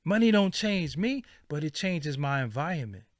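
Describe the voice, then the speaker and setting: A man ranting hard at his viewers, swearing freely and hammering his points with repeated lines. His voice sits slightly high for a man. The sound is dry and close, with no room around it. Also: big pitch swings, normal speed, no echo. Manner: heated, profane and emphatic, repeating phrases for stress. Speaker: vlogger. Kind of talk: impassioned rant to viewers.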